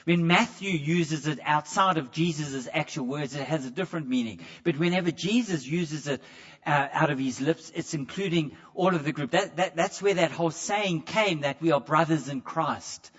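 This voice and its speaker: A man's voice: on the high side, moderate pace, fairly bright tone, dull audio. A man preaching a sermon in a conversational way, stumbling over repeated words and putting questions straight to the congregation. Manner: asks the congregation direct questions.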